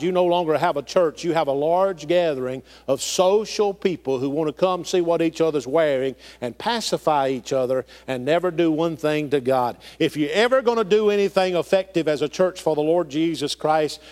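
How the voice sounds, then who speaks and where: A man's voice: a little high, normal speed, hardly any pauses, a little mellow. A middle-aged man preaching a sermon, with folksy phrasing and emphatic rises and falls. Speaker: pastor.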